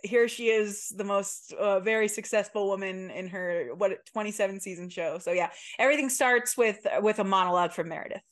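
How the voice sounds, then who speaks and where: A woman's voice: medium pitch, a little fast, hardly any pauses. A young woman co-hosting a podcast over a remote call, chatting casually, swearing now and then and restarting her sentences. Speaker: podcast co-host. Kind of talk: casual chat.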